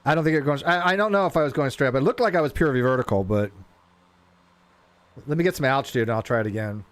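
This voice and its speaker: A man streaming a flight simulator, talking casually and rambling as he flies, often stumbling over his words and getting excited. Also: mid-range voice, fast, no echo. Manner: rambling, self-interrupting, excitable. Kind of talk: casual live gameplay commentary.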